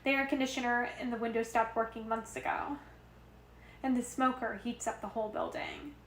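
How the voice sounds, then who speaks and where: A woman reading a novel aloud in the first person at home, steady with small self-corrections. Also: on the high side, normal speed. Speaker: reader. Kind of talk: amateur audiobook reading of a novel. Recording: roomy echo with faint noise.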